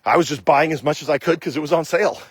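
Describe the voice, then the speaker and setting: A man with a fairly high voice talks in a casual, emphatic monologue. He hammers his points home by repeating them and acting out imagined exchanges. The sound is dry and close, with no room around it. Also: quick pace, slightly rough, no room sound. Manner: emphatic, repetitive, argues by acting out imagined questions and answers. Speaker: state legislator and investor.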